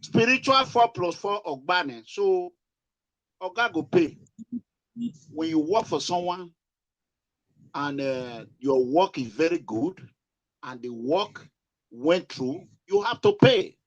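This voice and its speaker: A man's voice: a little high, sing-song, takes it slowly, pauses often, muffled recording. A man with a Nigerian accent hosting an online talk for an activist group, hesitant and full of "uh" fillers. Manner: hesitant, heavy use of "uh" fillers.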